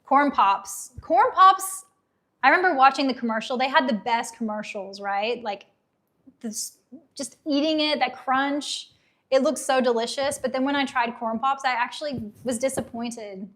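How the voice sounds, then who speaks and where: Chatty woman livestream host, slightly hoarse. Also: sits high, normal speed. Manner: chatty, reads viewer comments aloud; enthusiastic and nostalgic. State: losing her voice. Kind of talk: casual live unboxing chat.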